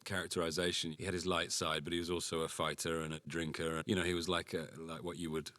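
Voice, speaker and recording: A man from the UK, an actor, telling anecdotes briskly and with humour in an interview. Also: low voice, little pitch movement, pushed and bright, dry recording. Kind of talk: interview for a behind-the-scenes featurette.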